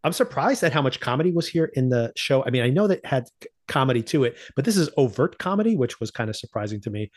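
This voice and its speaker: A man with a middle-pitched voice talks through a TV season in loose, casual chat. He laughs often and slips into the characters' lines as he tells the story. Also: fast talker. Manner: animated storyteller, laughs often, acts out quotes. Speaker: podcast host.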